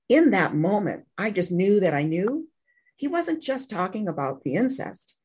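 A woman's voice: mid-range voice, very animated, moderate pace, a little mellow, breathy edge, low-quality recording. A woman telling a painful personal story in an interview, candid and earnest, often restarting her sentences. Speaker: interview guest.

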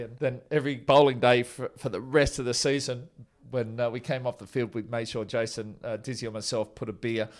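A man's voice: mid-range voice, level tone, a little fast, hardly any pauses. A man, telling casual stories about a former teammate in an interview, chatty and laid-back. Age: 40s.

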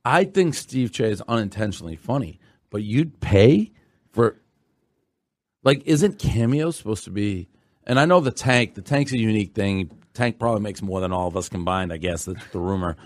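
A man with a lowish, lively voice talks in blunt, profane bursts as he hosts a casual podcast. His animated storytelling comes through a dry, close mic. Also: moderate pace, dry recording. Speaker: podcast host. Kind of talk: casual chat.

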